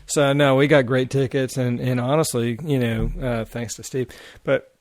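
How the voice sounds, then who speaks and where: Man, podcast guest, casual rambling storyteller, gravelly, dry close sound. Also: mid-range voice, normal speed, no echo. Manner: rambling, animated, heavy with fillers and swearing.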